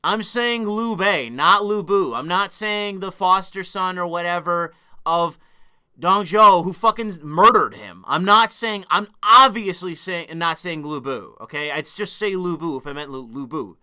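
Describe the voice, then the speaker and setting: A male streamer holds forth on a live stream, swearing and snapping back at his chat, quick to argue. His high voice is bright and sharp, with a smooth, clear tone throughout.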